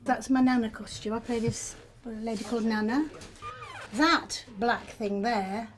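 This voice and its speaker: An older woman, a stage actor telling backstage stories in a lively, self-deprecating way with frequent laughs. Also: fairly high pitch, measured pace. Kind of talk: backstage storytelling. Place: theatre backstage.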